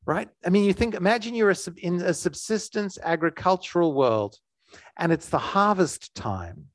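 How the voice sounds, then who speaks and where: A man giving an earnest, conversational sermon. His voice is a little higher than most men's, and he stumbles and restarts as he goes. The recording is dry and close, with little room sound. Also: lively intonation, moderate pace, dry recording. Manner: earnest, with frequent restarts and fillers. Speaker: preacher.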